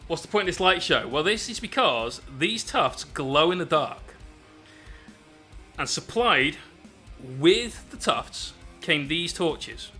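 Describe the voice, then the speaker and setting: Male streamer, cheeky and chatty, clear bright tone a touch high, narrates painting steps. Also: big pitch swings, takes it slowly, faint music behind. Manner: joking banter with chat; explains painting steps as he works. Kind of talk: casual live-stream chat while painting.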